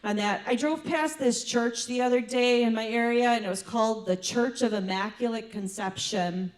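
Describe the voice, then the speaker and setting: Chatty middle-aged woman doing stand-up. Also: on the high side. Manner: chatty, quick asides, laughs at own jokes. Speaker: stand-up comedian. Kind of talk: stand-up comedy set.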